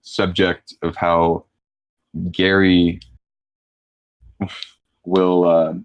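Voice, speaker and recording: A low-voiced man narrates a tabletop game as game master, taking his time. He stumbles through fillers and restarts as he describes each scene. The recording is dry and close. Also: little pitch movement, clean tone, no room sound, dull audio. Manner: halting, full of fillers and restarts, laughs often.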